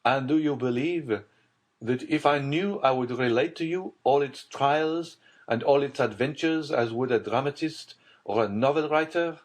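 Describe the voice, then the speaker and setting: A man's voice: medium pitch, moderate pace, voice pushed up, close to an everyday voice. A man voicing a desperate middle-aged nobleman who speaks with tense, urgent gravity in an audiobook. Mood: grave. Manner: tense, urgent and grave delivery. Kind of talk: audiobook character voice.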